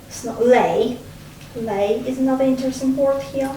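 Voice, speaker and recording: A woman's voice: fairly high pitch, steady tone, unhurried. A woman leading a casual discussion of a poem, thoughtful and prompting with questions. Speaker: discussion leader. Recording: echoey room, distant mic, faint noise.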